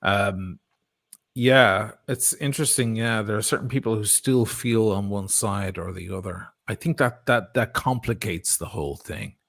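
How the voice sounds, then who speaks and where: A middle-aged Irish man telling stories in a casual chat, animated and quick to swear and laugh. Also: on the low side, vocal fry. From Ireland. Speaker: guest.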